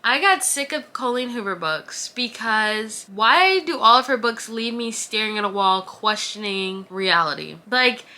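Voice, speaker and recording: A woman in her twenties chatting casually to camera about books, animated and dramatic in her reactions. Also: on the high side, measured pace, hardly any pauses. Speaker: book vlogger.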